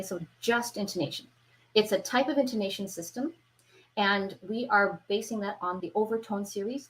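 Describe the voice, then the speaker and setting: A woman's voice: mid-range voice, poor audio. Woman violin teacher explaining with violin. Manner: patient explaining, checks in with "okay?"; imitates beats with wavering syllables. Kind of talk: instructional tutorial. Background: violin playing.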